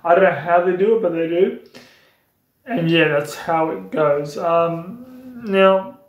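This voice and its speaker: A man's voice: a little high, moderate pace, dull audio. A young man chatting casually in a vlog, explaining voice impressions in a rambling, repetitive way. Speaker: YouTuber doing voice impressions. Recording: echoey room.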